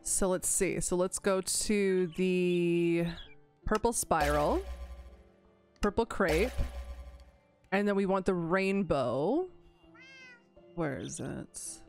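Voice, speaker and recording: A woman hosting her own gaming channel, giving casual let's-play commentary in a chatty, animated way with dramatic pleading and giggling asides. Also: on the low side, slow, long pauses, soft background music.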